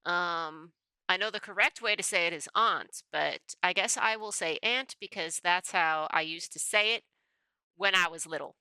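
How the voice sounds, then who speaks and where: A woman's voice: on the low side, moderate pace, sharp tone, clear, resonant tone, dry recording. A woman streamer chatting casually as she takes a quiz, thinking aloud, rambling and often correcting herself. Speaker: VTuber streamer. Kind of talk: casual chat while taking a quiz.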